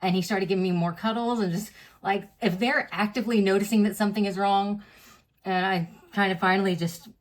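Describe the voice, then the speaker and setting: A woman in her thirties talks straight to her audience, candid and unpolished. Her pitch sits in an ordinary middle range for a woman. She keeps up a rambling, conversational flow, leaning on fillers and acting out snippets of what people said to her. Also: fairly even intonation, a little fast. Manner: chatty and unpolished, full of fillers and reenacted dialogue. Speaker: vlogger. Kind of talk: candid personal storytelling to camera.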